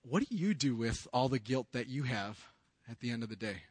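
A man in his thirties preaching a sermon in an earnest, confessional way, moving from hushed lines to loud raised outbursts. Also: mid-range voice, animated, a little fast, slightly rough, no echo. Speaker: pastor.

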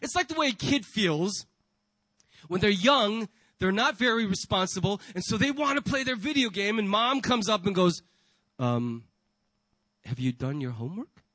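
Male pastor, sermon delivery, high voice, dry recording, rhetorical and animated in acted asides. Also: moderate pace, no echo, poor audio. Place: church.

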